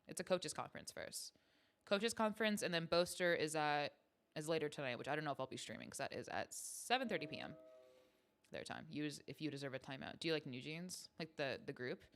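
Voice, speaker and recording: A woman's voice: sits low, fairly bright tone. A woman hosting a livestream from home, chatting casually with her viewers in a playful, self-mocking way. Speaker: stream host.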